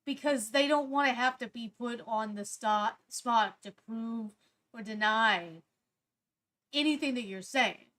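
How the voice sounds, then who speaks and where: A woman's voice: on the high side, measured pace, a bit bright. A woman co-hosting a casual talk show, skeptical and challenging the stories she hears. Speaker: co-host.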